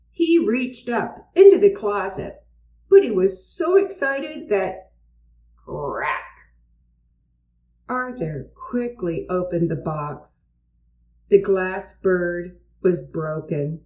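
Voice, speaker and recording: A woman's voice: mid-range voice, slow. A woman reading a children's storybook aloud, recorded at a distance in a roomy space. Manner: expressive, changes voices for characters. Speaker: narrator.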